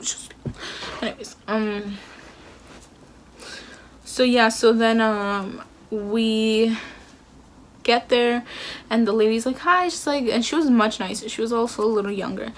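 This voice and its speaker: A woman's voice: fairly high pitch, measured pace, pauses often. Chatty young woman telling a story. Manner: chatty, filler-heavy retelling with acted quotes. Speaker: vlogger. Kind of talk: casual storytime.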